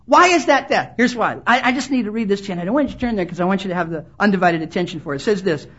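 Rapid-fire and animated, a woman preacher with a slightly rough, mid-range voice gives an impassioned conference-hall sermon. She acts out quoted voices and pleads with listeners to listen, on a dull lo-fi recording.

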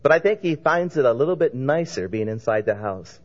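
A man preaching a sermon, telling a story with lively voices for its characters. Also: mid-range voice, a little fast, muffled recording. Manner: animated storyteller, voicing characters in dialogue.

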